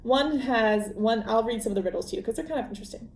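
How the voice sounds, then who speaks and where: A woman with a mellow, relaxed tone recaps a book for her podcast. She rambles along casually, leaning on "like" and "um". The recording carries a roomy echo. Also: on the high side, quick pace. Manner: chatty, rambling retelling with fillers. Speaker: podcast host.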